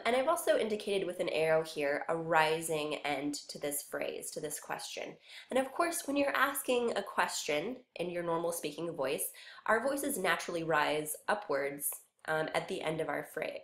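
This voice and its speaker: A woman with a fairly low voice gives a music lesson, explaining each point patiently and step by step. Her voice carries a roomy echo. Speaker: music teacher.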